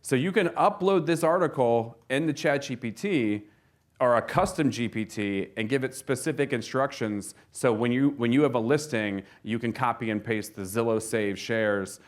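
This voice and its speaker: A man's voice: medium pitch, normal speed. A man giving a casual seminar talk to an audience of real estate agents, telling stories with lots of fillers and restarts. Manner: chatty storyteller, frequent fillers and restarts.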